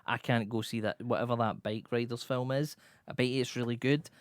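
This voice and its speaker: Co-host, radio banter, grumbling, mocking, mid pitch, dry sound. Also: steady tone, fairly quick, no echo. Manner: grumbling, mocking, does exaggerated voices. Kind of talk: casual comedic chat.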